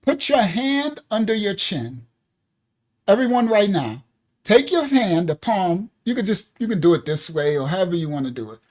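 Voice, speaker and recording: A teacher at a ministry leads an interactive class, spelling out terms letter by letter and calling on the class, addressed as "y'all," to join in. The mid-range voice is somewhat dark, with big pitch swings and a moderate pace.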